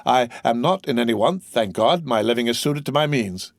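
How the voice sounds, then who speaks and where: A man's voice: medium pitch, lively intonation, normal speed, no room sound, studio quality, lightly acted. A man voicing a jovial, fawning young male tailor who talks with brash, overfamiliar cheer in an audiobook. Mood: hearty, ingratiating. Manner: grinning, overly familiar, brash.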